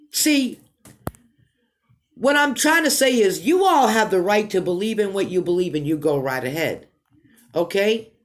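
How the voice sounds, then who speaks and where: Woman ranting to her viewers real slow, says things over and over, goes soft then gets loud. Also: medium pitch. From United States. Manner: slow, emphatic, repeats herself, swings between quiet and loud. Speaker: commentary vlogger. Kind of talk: emotional commentary monologue.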